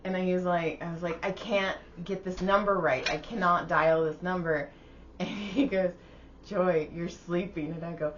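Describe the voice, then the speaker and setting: A woman's voice: on the low side, steady tone, moderate pace. A woman hosting a casual podcast, telling chatty stories and laughing often. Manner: giggly, chatty storyteller. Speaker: podcast host. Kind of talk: casual chat. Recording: slightly dull audio with faint hiss.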